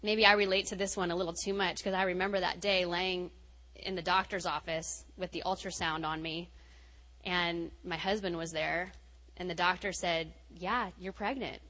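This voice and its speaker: A woman giving a sermon as a retreat's guest speaker, telling stories with laughter and swinging between loud emphasis and soft, quiet lines. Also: lowish voice, moderate pace, in a large hall, poor audio. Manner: animated, laughing storytelling.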